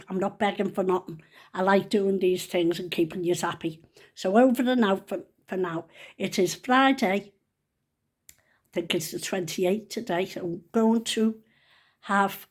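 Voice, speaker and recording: Chatty woman in her seventies. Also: medium pitch. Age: 70s. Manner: chatty, rambling, down-to-earth. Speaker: vlogger. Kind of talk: casual storytelling to camera.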